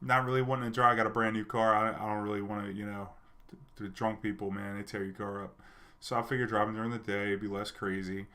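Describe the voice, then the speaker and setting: A man's voice: lowish voice, level tone, fast talker, bright, forceful tone. A man telling a personal story to his viewers in a loose, chatty way, full of fillers and restarts. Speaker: streamer and storyteller. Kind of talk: casual storytelling.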